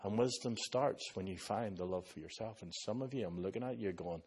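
A pastor from Ireland speaks briskly in a lowish, husky voice with an Irish accent. His sermon features spirited storytelling where he mimics other people's voices.

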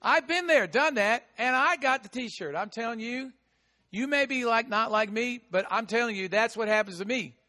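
A man preaching a sermon as pastor, with a big voice that swings from shouting to hushed asides. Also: very high-pitched, normal speed, in a large hall. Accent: American. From United States.

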